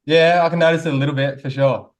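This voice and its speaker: A man's voice: on the high side, steady tone, fast. A man hosting a casual interview, asking friendly, upbeat questions. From Australia. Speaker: podcast host.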